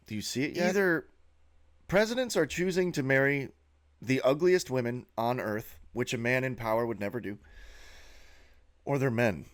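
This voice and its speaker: A man giving a sneering, profane monologue while narrating a slideshow as a video host. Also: mid-range voice.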